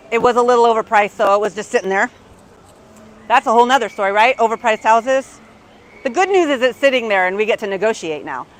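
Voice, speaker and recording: A woman in her fifties, a real estate agent giving a motivational keynote story on stage, lively and peppered with "right?". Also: fairly high pitch, rough recording. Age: 50s. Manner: lively, tag questions like "right?". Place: conference stage.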